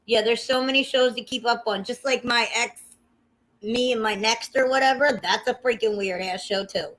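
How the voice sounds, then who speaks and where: Brief: woman, slightly high voice, excitable gossip host, casual and profane. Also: moderate pace. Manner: gossipy, excitable, swears freely, addresses viewers. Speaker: livestream host. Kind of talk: casual chat.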